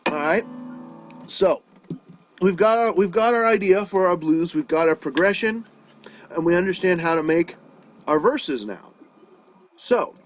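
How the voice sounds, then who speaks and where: A man's voice: sits high, slight background noise, poor audio. A man giving an online songwriting lesson over a video call, casual and profane, often checking that his student follows. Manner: casual, swears freely, checks understanding often. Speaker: music teacher.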